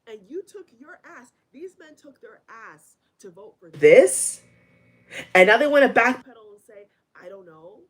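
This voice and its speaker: Woman vlogger, husky tone, angry blunt rant, volume cutting in and out. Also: a little high, sing-song, measured pace. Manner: blunt, heated, profane, repeats phrases for emphasis. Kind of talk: angry reaction rant to camera. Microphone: headphones on. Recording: audio cutting in and out, level dropping.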